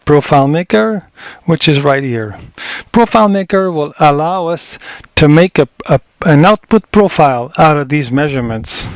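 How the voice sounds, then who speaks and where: A man's voice: a little high, expressive, normal speed, no room sound. A man giving a casual step-by-step tutorial, thinking aloud as he works, picked up by a camera microphone in a small indoor workspace. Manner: thinking aloud, frequent restarts and fillers. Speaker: color management instructor. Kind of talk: casual screen-recorded tutorial.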